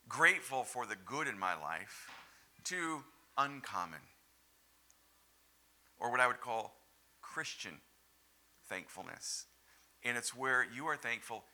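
Slow, sharp-toned preacher man. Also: lively intonation. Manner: emphatic, swinging from loud stresses to hushed, low lines. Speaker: pastor. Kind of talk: sermon.

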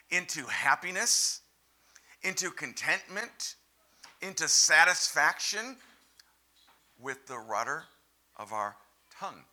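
A man preaching a sermon as pastor, stressing words hard and then dropping to hushed, low lines.

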